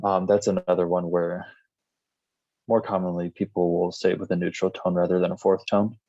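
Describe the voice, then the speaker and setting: A man teaching a recorded language lesson, reading word lists one item at a time in a plain, steady way. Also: low-pitched, moderate pace, no room sound. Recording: slightly dull lo-fi recording.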